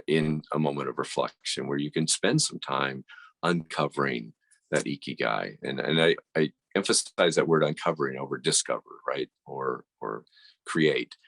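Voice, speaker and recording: A very deep, gravelly male voice speaking in an unhurried, reflective way, with many small restarts. He sounds like a coach explaining ideas through everyday analogies. The sound is dry and close to the mic. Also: fairly bright tone, no echo. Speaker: guest, coach. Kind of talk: casual conversation.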